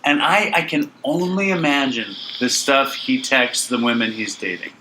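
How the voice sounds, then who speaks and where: Bright-voiced man cohosting a podcast. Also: medium pitch, normal speed, a little hiss or hum, rough recording. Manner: animated, teasing, mock-outraged. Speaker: podcast co-host. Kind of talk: casual comedic podcast banter.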